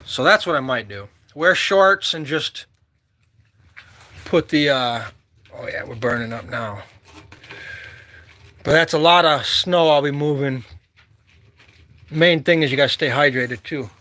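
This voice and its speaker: High, bright-voiced joking man. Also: unhurried, pauses often. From Michigan. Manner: rambling, joking, loud whoops. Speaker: vlogger. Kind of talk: casual outdoor vlog chat.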